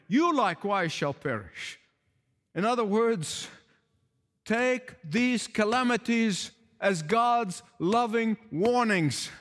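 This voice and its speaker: A man's voice: very high-pitched, fairly bright tone, big-room sound. A man preaching a sermon in an emphatic, pleading way, repeating key phrases for weight. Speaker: pastor.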